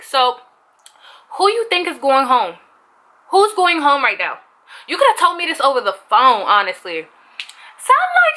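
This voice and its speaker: A young woman vlogger telling an animated storytime, swearing freely and acting out quotes with a raised voice. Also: on the high side. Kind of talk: casual storytime.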